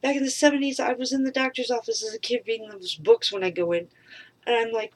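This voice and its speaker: Middle-aged woman, frustrated solo monologue, mid pitch, halting and profane. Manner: frustrated, rambling, swears freely, trails off; halting, with many pauses and fillers. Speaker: vlogger. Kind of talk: rambling personal monologue.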